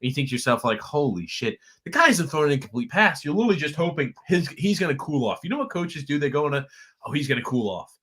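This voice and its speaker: Excitable man co-hosting a game watchalong. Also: fast talker, few pauses. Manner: excitable, rising to high-pitched outbursts. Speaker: podcast co-host. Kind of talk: casual game watchalong chat.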